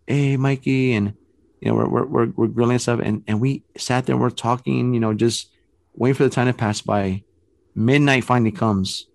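A man telling a spooky story in a loose, rambling way, sprinkling in "man" and "bro" and stumbling over restarts. His voice has a gravelly, creaky texture. It is recorded close and dry, with no room sound. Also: medium pitch, steady tone, normal speed, darkish tone, dry recording.

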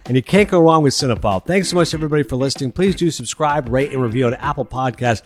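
A man's voice: medium pitch, animated, fast. A man hosting a film podcast, talking with enthusiasm and laughing as he goes. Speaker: podcast host.

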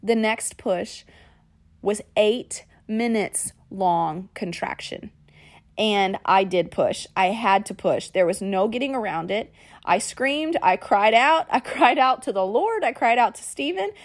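A woman podcast host, telling a personal story in a lively way and calling her listeners y'all and guys. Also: mid-range voice, measured pace. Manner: animated, acts out quoted lines.

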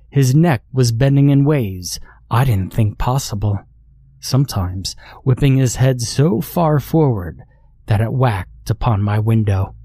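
A man reading a horror story aloud, in a measured and deliberate way. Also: mid-range voice, dark tone, dry recording. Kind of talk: scripted horror narration.

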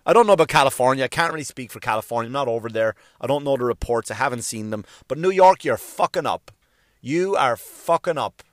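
A man's voice: medium pitch, expressive, quick pace, few pauses, no echo. Profane ranting male comedian, dry sound. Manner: profane, emphatic, repetitive. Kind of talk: solo comedic rant.

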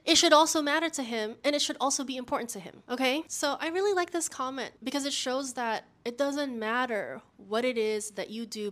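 A woman hosts a dating-advice vlog and delivers it like a casual lecture. Her voice sits at an ordinary middle pitch. She is sassy and direct, coaching her viewers with confidence. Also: fairly bright tone.

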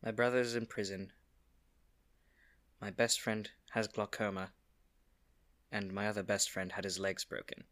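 A man playing his character in a tabletop game, rambling in an unhurried way and laughing at his own lines. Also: on the low side, steady tone, fairly bright tone. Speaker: player. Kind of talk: tabletop role-play.

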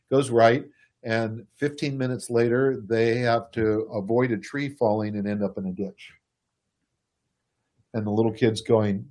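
A man giving a casual, animated explanation to a listener, chuckling and speaking to them directly. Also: fairly low pitch, moderate pace. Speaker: speaker explaining personality types.

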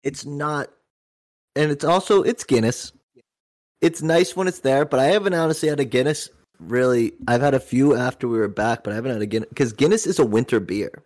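A young man co-hosting a casual podcast chat, animated and swearing freely as he banters with friends. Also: medium pitch, brisk, no room sound, clean studio sound. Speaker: podcast co-host.

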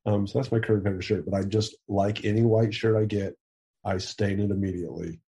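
Young male guest on a video call, low mellow voice, loose rambling answers with easy laughs and casual swearing. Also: steady tone, quick pace. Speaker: interview guest. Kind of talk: casual chat.

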